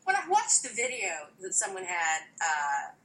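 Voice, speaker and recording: A woman co-hosting a podcast, chatting casually and telling animated stories. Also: fairly low pitch, a little slow, rough recording. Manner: animated storytelling, quotes others. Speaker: podcast co-host. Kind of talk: casual chat.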